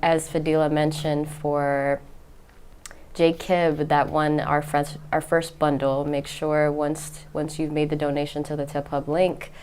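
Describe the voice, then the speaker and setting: A woman with a notably low voice hosts a live charity auction stream. She talks in a chatty, upbeat way, full of "um"s. A faint hiss sits under the recording. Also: level tone, measured pace, a little mellow. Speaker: fundraiser co-host. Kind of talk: livestream auction hosting.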